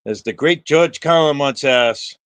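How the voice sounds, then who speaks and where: A man's voice: a little high, unhurried, clean tone, no room sound. A man hosting a livestream, chatting with viewers by name in a rambling, profane, jokey way. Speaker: livestream host.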